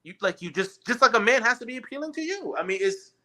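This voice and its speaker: A man's voice: extremely high pitch, very animated, fast, sharp tone. A man talking in a casual, opinionated chat, emphatic and rambling, often restarting his sentences.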